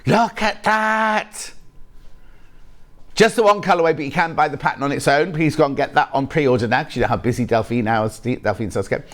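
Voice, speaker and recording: A man's voice: fairly high pitch, moderate pace, fairly bright tone. A man hosting a live shopping channel show, chatting, joking with the crew and reading out viewer messages. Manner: chatty, jokey, reads viewer messages aloud. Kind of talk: live TV sales chat. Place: TV studio.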